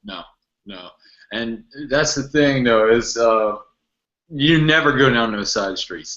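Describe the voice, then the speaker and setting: A man's voice: medium pitch, animated, slow pace, a bit bright. A man hosting a casual chat, blunt and heavy on profanity. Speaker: podcast host. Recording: muffled lo-fi recording.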